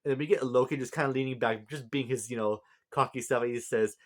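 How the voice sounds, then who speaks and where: A man's voice: mid-range voice, expressive, brisk, hardly any pauses, fairly bright tone. A tired man recapping a manga chapter in a casual, rambling way with many fillers and restarts. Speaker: manga reviewer.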